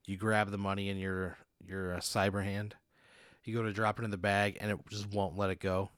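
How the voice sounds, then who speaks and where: A podcast host casually improvises a made-up scenario for his guest, laid-back and chuckling as he sets each scene. His lowish voice is smooth and a bit bright, fairly quick with little pitch movement, in a dry, clean studio recording.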